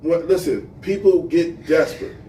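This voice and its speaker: A man co-hosting a casual podcast chat, telling stories in an animated way and swearing freely. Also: a little high, normal speed, distant mic. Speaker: podcast co-host. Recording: roomy echo, off-mic, faint hiss.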